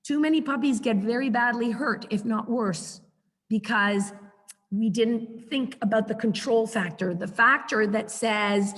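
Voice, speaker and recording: A woman's voice: fairly high pitch, unhurried, a bit bright, long reverb tail. A middle-aged woman teaching a puppy training class on a video call, chatty and acting out her corrections to the dog. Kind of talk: online class lecture.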